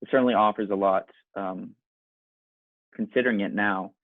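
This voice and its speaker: Man asking interview questions, low flat voice, tinny dry zoom sound. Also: normal speed, dry recording. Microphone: video call.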